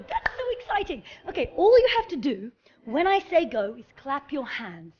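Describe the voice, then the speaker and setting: A woman presenting a children's show in a fairy character, telling a story in an animated, sing-song way and talking straight to the children. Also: high voice, dull audio.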